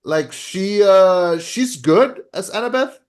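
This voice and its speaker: A young man with a slightly high voice, talking loosely as a podcast host. He rambles, fills every pause with "like" and "uh" and trips over his own restarts, in an easygoing casual chat. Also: animated, clean tone.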